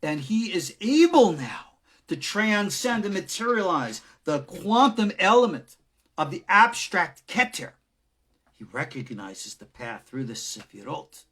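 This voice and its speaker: A middle-aged male rabbi delivers a recorded lecture, moving between forceful stressed words and near-whispered asides. His voice is husky and a little breathy, and his pitch rises and falls widely from phrase to phrase. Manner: dramatic, swings from loud emphasis to hushed whispers. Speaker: rabbi teaching Kabbalah.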